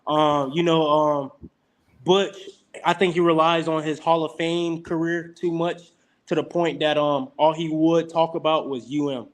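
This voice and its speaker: He speaks unhurriedly, his voice a little high. This young adult, a college football player, tells stories in a casual podcast interview, bringing the quotes to life by acting them out.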